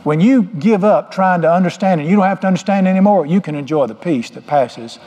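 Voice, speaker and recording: A man's voice: sits high, fairly quick, dark tone, dull audio. A middle-aged man preaching a sermon, folksy and joking as he tells stories. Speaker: pastor. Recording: long hall reverb.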